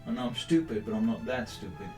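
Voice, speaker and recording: Faint music and room echo surround this man, a Dutch-accented player chatting in a casual tabletop role-play game. His mid-range voice moves briskly, and his manner is playful and teasing, punctuated by frequent laughter.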